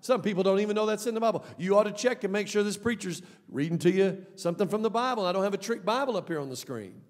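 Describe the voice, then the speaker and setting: A man preaching a sermon as pastor, emphatic, swinging between soft and loud delivery. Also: high voice, animated, fast. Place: church sanctuary. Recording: long hall reverb.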